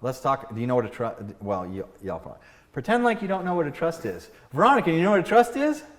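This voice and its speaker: A man on a podcast explaining legal matters in a loose, chatty way, stumbling through restarts and laughing at his own jokes. His voice sits a bit high. The recording has a long, ringing room reverb. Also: fast. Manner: animated storytelling, acts out doctor skits with big pitch jumps. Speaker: estate planning attorney, podcast host. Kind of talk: casual podcast chat.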